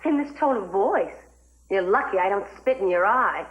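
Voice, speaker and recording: A woman's voice: medium pitch, animated, moderate pace, highs cut off, lightly acted. An actress playing a spiteful, scheming woman in a 1980s TV soap, sneering and taunting.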